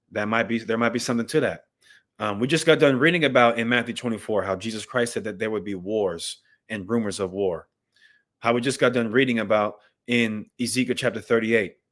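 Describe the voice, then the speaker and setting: Male livestream commentator, mid-range pitch, impassioned, reads texts aloud and addresses viewers directly. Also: fairly bright tone. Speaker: livestream host and Bible commentator. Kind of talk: live news commentary with scripture reading.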